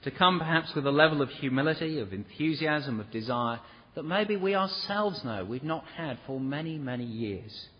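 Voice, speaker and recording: A man's voice: a little high, expressive, normal speed, breathy edge. A man preaching a sermon in a church, earnest and pleading, sometimes acting out the people he quotes. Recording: dull lo-fi recording with long hall reverb.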